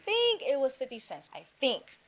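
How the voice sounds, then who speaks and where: A woman's voice: high-pitched, huge pitch swings, moderate pace. Casual opinionated woman on a podcast. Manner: casual, opinionated, filler-heavy. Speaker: podcast co-host. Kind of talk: casual group podcast chat.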